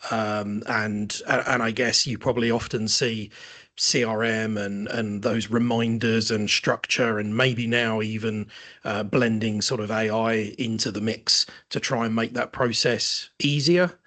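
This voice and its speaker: A man's voice: on the low side, fairly even intonation, a little slow, a bit bright. A man hosting a marketing webinar, talking thoughtfully and hedging his points with "maybe" and "sort of". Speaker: marketing host. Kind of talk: webinar conversation.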